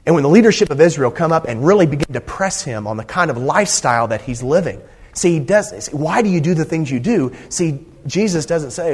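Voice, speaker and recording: A man's voice: on the high side, lively intonation, normal speed, a little mellow, breathy edge. A middle-aged man from Indiana preaching a sermon in a conversational, earnest way, often restarting his sentences. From Indiana, USA. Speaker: pastor.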